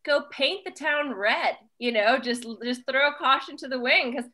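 A woman's voice: sits high, a little slow, sharp tone. A woman co-hosting a comedy podcast, chatty and rambling in an upbeat way. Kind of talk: casual comedic chat.

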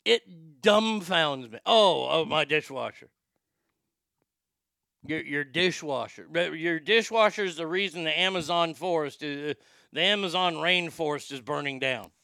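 A man's voice: on the high side, normal speed, creaky, sharp tone, clear, resonant tone, no room sound, clean studio sound. A man hosting a show with sarcastic, profane ranting commentary and frequent stammered restarts. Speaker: podcast host.

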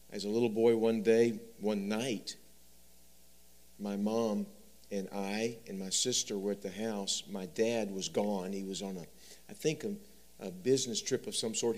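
A man preaching a sermon, telling stories and swinging from loud emphasis to soft, quiet delivery. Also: lowish voice. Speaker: pastor.

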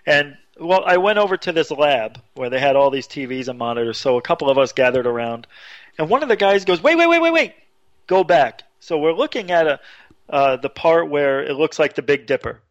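A man telling a story casually as a radio show guest, animated, jumping his voice high when he quotes people. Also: fairly quick, no echo, dull audio. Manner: animated, acts out quotes with sudden high pitch.

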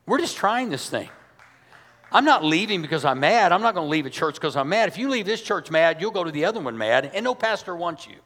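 A pastor preaching to his congregation in a high, bright tenor. He talks emphatic and conversational, full of rhetorical questions, and his voice rings with the long reverb of a big church hall. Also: very animated, fairly quick. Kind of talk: sermon.

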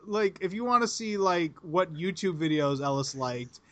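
A man with a high voice hosts a loose, joking podcast chat, laughing between crude remarks. His voice sounds dry and close, with no room around it. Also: expressive, moderate pace, fairly bright tone, no room sound. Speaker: podcast host. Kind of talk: casual podcast banter.

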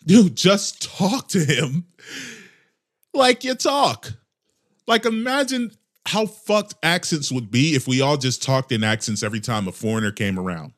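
Man, comedy podcast host, ranting monologue, swings between loud and quiet, swears a lot. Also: on the high side, a little slow. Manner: animated, profane ranting with mock voices.

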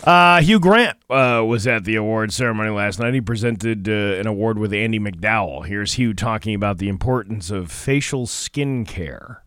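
A man's voice: fairly low pitch, moderate pace, hardly any pauses, clear, resonant tone, no echo, clean studio sound. A man hosting a morning radio show, joking casually with his co-host and introducing clips. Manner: joking, animated.

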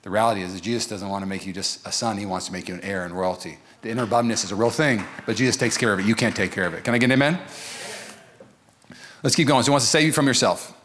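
A man preaching a sermon as pastor, animated and joking, acting out quoted voices. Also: on the low side, quick pace. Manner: animated, jokey, acts out voices of others.

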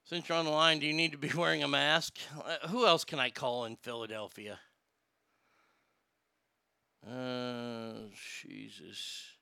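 A man's voice: on the high side, a little fast, gravelly, hardly any pauses, pushed and bright, clean tone, no room sound. A man hosting a talk radio show, blunt and opinionated, swearing when frustrated. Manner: opinionated, rambling asides. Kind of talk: casual talk radio chat.

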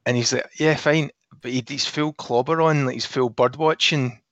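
A man's voice: mid-range voice, steady tone, moderate pace, a bit bright, no room sound, muffled recording. A man co-hosting a podcast, chatting casually and telling rambling anecdotes with frequent laughs. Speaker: podcast co-host. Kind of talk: casual chat.

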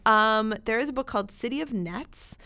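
A woman's voice: on the high side, moderate pace, sharp tone, smooth. A woman co-hosting a library podcast, recommending books in an enthusiastic, chatty way with many fillers. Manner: enthusiastic, chatty, laughs easily. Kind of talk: casual podcast chat.

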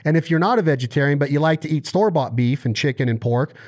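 A man's voice: a little high, fast talker, a little mellow. A man in his thirties from the United States, telling stories and ranting passionately in a casual conversation. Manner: impassioned, ranting, storytelling. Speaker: podcast guest.

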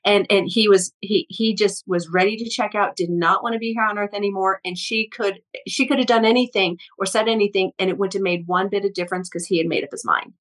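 A woman's voice: mid-range voice, brisk, few pauses, fairly bright tone. A woman energy healer, a guest in a casual interview, telling stories in a rambling way with many restarts and repeated words.

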